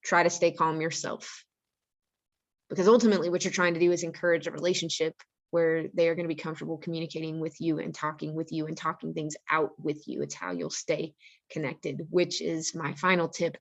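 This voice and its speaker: A woman's voice: low voice, flat delivery, fairly quick. A woman on the staff of a school, talking earnestly and practically to parents and giving them advice on handling angry teenagers. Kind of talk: informal parent-education talk.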